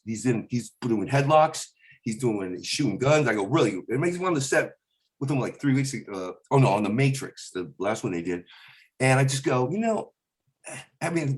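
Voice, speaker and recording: A stand-up comedian telling a rambling story, often restarting sentences and slipping into quick celebrity impressions. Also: male voice, mid-range voice. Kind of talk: animated storytelling.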